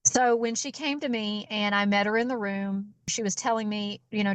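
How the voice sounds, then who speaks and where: Animated woman telling a patient story. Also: a little high, moderate pace, hardly any pauses, no echo. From Georgia, US. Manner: animated storyteller who acts out quoted dialogue. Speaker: chiropractor guest. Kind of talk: storytelling in an interview.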